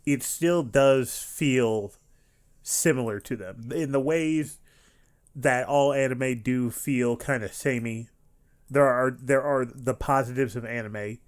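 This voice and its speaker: A man streaming an anime reaction, talking casually and rambling with frequent restarts and animated outbursts. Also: medium pitch.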